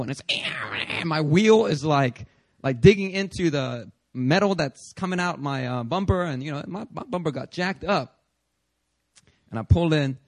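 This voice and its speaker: A male pastor preaching a sermon, telling a personal story in an animated way and acting out his own prayers. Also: mid-range voice, dry recording.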